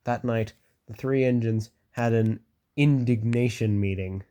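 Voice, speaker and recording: A man reading a children's storybook aloud in a plain, unhurried way, with casual asides. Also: medium pitch, mellow, clean tone. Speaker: reader.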